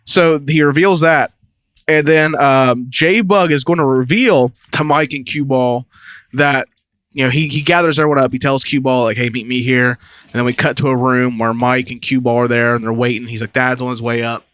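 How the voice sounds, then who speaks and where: A man's voice: mid-range voice, moderate pace, smooth, no room sound. A man co-hosting a casual film review podcast, swearing freely and acting out scenes as he retells them. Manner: profane, animated retelling of scenes. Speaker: podcast co-host.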